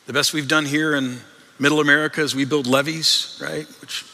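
Man, pastor, sermon, earnest conversational delivery, repeats words, very bright voice, long church reverb. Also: a little high, flat delivery, fairly quick. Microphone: microphone. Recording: long reverb in a large hall.

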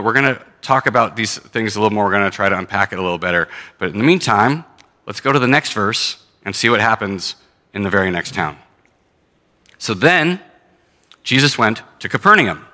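A man's voice: mid-range voice, sharp tone. Earnest male preacher in a reverberant hall. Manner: earnest, conversational preaching with some restarts. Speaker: pastor. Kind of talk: sermon with scripture reading.

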